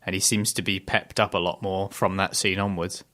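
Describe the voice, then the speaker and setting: A man's voice: low voice, flat delivery, normal speed, bright, forceful tone. A young man co-hosting a casual TV recap podcast, thoughtful and hesitant with many fillers. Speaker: podcast co-host.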